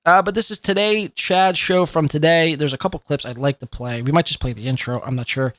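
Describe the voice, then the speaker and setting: A man's voice: a little high, steady tone, brisk, a bit bright, no room sound. A man hosting a live commentary podcast, talking in a profane, mocking and rambling way. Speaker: podcast host.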